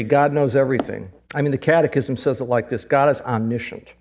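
A middle-aged man preaching a sermon, emphatic, repeating phrases and rising to high excited peaks. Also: quick pace, few pauses. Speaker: pastor.

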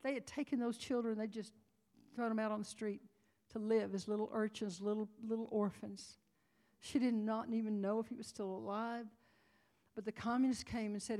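A woman's voice: fairly high pitch, fairly even intonation, normal speed, mellow. A woman preaching at a conference, telling a story dramatically and near tears, dropping to whispers and rising to cries. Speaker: conference speaker. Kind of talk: sermon storytelling.

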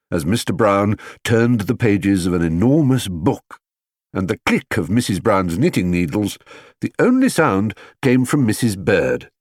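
Man narrating with wide expressive pitch. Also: breathy edge, no room sound, studio quality. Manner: expressive, lively storytelling. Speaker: audiobook reader. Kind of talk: scripted narration.

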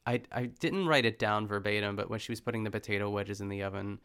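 A man guesting on a podcast, chatting in an animated way, laughing often and restarting his sentences. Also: lowish voice, quick pace, clean tone. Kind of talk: casual chat.

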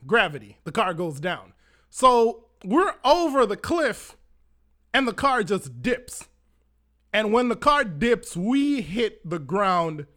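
A young Jamaican man telling a wild story in a casual, profane, animated way. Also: high-pitched. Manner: animated, profane, acts out his own panicked lines.

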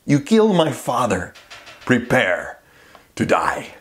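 A preacher voicing a vengeful Spanish swordsman with a mock Spanish accent, slow and dramatic, in a sermon. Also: medium pitch, wildly swooping pitch. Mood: grim.

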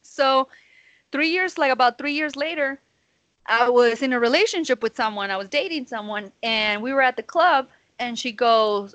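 A woman's voice: a little high, moderate pace, fairly bright tone, dry recording. A woman co-hosting a podcast from home over a video call, telling a story in a casual, profane, slangy way and acting out her own side of the conversation. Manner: profane, slangy, calls listeners "bro"; acts out her own quoted lines. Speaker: podcast co-host.

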